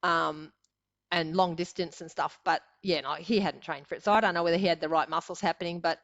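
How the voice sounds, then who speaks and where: A woman's voice: lowish voice, steady tone, fairly quick, fairly bright tone. An older Australian woman telling her story as a guest, chatty and rambling with fillers and frequent laughter. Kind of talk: casual storytelling interview. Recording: dull lo-fi audio.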